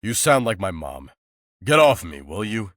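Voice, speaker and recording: Man doing a curt, gruff werewolf king. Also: fairly low pitch, very animated, a little slow, fairly bright tone, no echo, studio quality. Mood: grumpy. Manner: curt, grumbling. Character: gruff young alpha werewolf king, irritable. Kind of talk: audiobook character voice.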